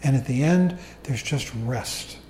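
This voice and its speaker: Calm man teaching meditation, mellow tone. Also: mid-range voice, a little hiss or hum. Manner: calm, unhurried, explanatory. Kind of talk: dharma talk to a meditation group. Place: meditation hall. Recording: echoey room recording.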